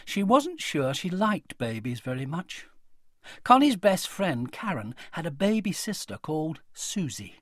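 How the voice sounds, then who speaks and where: A man reads a children's story aloud in a playful, expressive way. His delivery is slow and unhurried, with a sing-song lift, and the close recording sounds dry with no room in it. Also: a little high, no echo. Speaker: audiobook narrator. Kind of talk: children's audiobook reading.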